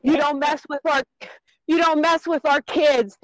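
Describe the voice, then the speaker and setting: A woman's voice: sits high, steady tone, measured pace, low-quality recording. An older woman calling in while out walking, out of breath, emphatic and laughing between points. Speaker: caller.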